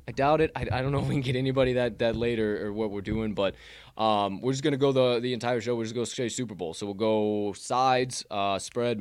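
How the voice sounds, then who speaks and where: A man's voice: medium pitch, darkish tone, no room sound. A man hosting a sports betting podcast, telling rambling stories in casual, profanity-laced chat. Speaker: podcast host.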